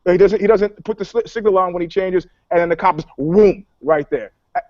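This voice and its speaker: Brash, foul-mouthed higher-voiced man. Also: fairly quick, no echo, lo-fi sound. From New York. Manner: profane, animated storytelling, acts out dialogue. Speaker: podcast co-host, PR commentator. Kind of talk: casual talk-show banter.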